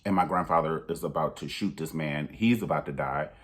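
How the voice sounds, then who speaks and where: Deep-voiced man giving blunt advice. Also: a little fast, fairly bright tone. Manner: emphatic, preachy, direct advice to viewers; pitch jumps high for emphasis. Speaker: vlogger. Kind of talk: candid personal vlog monologue.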